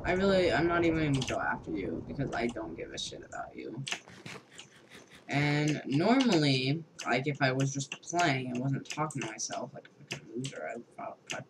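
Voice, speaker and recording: A young man rambling over a video game at his desk, sarcastic and loose, leaning on filler words and swearing. His voice sits at an ordinary male pitch. Keyboard clatter and a steady hiss of noise run under the recording. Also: normal speed. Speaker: gamer. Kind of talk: casual gameplay commentary.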